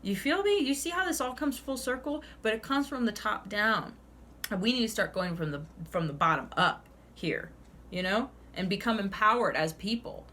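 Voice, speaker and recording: Young woman reading tarot, swears a ton, gets ranty and fired up, bright voice. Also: medium pitch, lively intonation, moderate pace. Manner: ranting, heavy swearing, fired up. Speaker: tarot reader. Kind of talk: casual tarot reading monologue.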